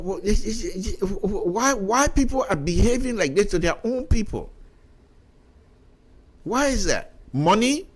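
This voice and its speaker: Impassioned high-voiced Liberian radio commentator. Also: male voice, a bit bright. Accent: Liberian English. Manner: impassioned, repetitive, stammering restarts.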